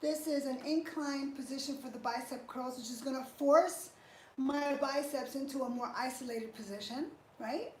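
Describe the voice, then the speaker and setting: A woman's voice: high-pitched, normal speed, darkish tone. A woman fitness trainer talking through a live workout, chatty and encouraging as she exercises. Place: indoor workout space. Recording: echoey room with faint noise.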